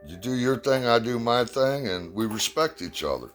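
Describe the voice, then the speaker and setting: A man's voice: medium pitch, moderate pace. American guy ranting to camera, blunt and swearing, voice bouncing up and down, a little music in the back. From United States. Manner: blunt, profane, animated. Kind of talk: casual opinion rant.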